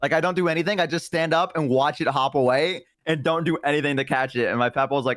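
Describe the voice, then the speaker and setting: A man's voice: fast talker, fairly bright tone, dry recording, studio quality. Young Southern man telling rambling stories. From American South. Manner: rambling, jumps into high voices when quoting. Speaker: stream co-host. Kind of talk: casual chat, storytelling.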